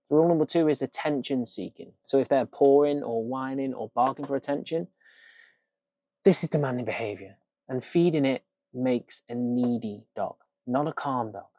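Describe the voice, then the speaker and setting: Brief: male dog trainer, punchy and casual, mid pitch, dry close sound. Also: a little mellow, no room sound. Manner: emphatic, casual, swears for effect. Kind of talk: direct-to-camera training tips.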